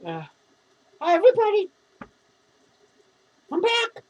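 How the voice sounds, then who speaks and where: A man's voice: very high voice, wildly swooping pitch, slow, a little hiss or hum, exaggerated voice, poor audio. A man voicing a drunk, rambling, self-pitying male clown who slurs, swears and giggles through his words. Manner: slurred, rambling, profane, giggling. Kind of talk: comedic character monologue.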